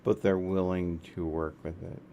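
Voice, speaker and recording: Low mellow dude at a tabletop game, slow talker, thinks out loud. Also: male voice, level tone, highs cut off, slight background noise. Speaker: player. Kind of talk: casual tabletop game chat.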